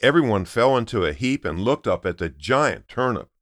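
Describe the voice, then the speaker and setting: A man narrating a children's story aloud in an expressive storytelling manner. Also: lowish voice, normal speed, dry recording, clean studio sound. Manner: expressive, sing-song storytelling.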